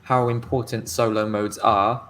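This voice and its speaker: A man's voice: lowish voice, little pitch movement, measured pace, a bit bright. A man from Wales with a strong Welsh accent, co-hosting a livestream, talking in a tired and rambling way. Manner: tired, rambling, stumbles over words. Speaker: guest co-host and interviewer. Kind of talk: casual livestream chat.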